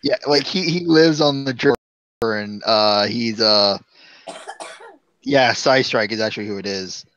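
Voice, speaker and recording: A man's voice: fairly low pitch, unhurried, a bit bright, no echo, dull audio. A man from Kansas chatting casually, easygoing and agreeing often. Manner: easygoing, lots of agreeing "yeah". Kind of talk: casual chat.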